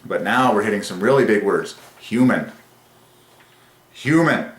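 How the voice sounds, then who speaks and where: Man, low voice, ecstatic religious monologue, rapturous bursts and quiet musing, echoey room. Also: fairly quick. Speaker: numerology channel host. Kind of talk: excited religious numerology monologue.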